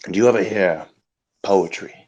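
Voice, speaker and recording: A man's voice: low-pitched, normal speed, darkish tone, breathy edge, muffled recording. A man hosting an absurdist improvised comedy talk show, rambling from mock interview questions into fake sponsor messages and over-the-top dramatic monologues. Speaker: comedy host.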